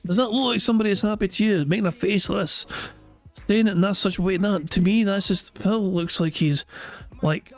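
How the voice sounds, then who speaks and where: A man's voice: sits high, brisk, faint music behind. A man streaming commentary over a clip, mocking it in a sarcastic and profane way.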